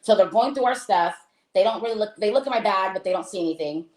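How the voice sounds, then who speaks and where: A woman's voice: medium pitch, fast. American woman telling a story in a chatty way, does the voices of people she met, echoey room. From United States. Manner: animated, acts out quoted dialogue, many fillers. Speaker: guest telling a travel story. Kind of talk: casual storytelling. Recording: roomy echo.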